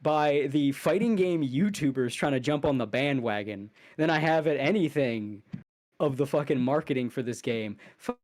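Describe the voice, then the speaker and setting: A podcast co-host rants angrily and profanely in a casual setting, getting heated. He breaks into fast bursts and sudden loud jumps in pitch.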